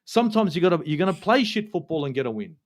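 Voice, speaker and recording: A man's voice: sits high, big pitch swings, fast. A man with an Australian accent hosting a heated football fan review, ranting, swearing often and repeating himself for emphasis. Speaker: football channel host.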